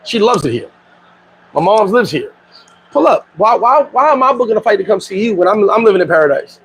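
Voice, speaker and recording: A middle-aged man from New York in a casual livestream. He talks in animated street slang, laughs often and reads out viewer comments. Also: high voice, a little fast, slight background noise, poor audio. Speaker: vlogger.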